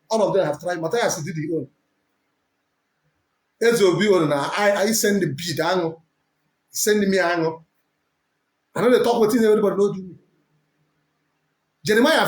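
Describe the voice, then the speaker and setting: A man with a Nigerian accent preaching forcefully as a prophet, switching between English, Pidgin and Igbo. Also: high-pitched. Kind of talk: preaching to camera. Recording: echoey room.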